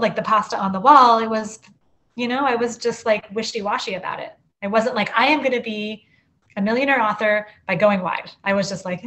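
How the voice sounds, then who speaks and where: Chatty woman author, animated and loose. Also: on the high side. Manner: chatty, full of "like" and restarts, animated. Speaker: author guest. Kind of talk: casual interview chat.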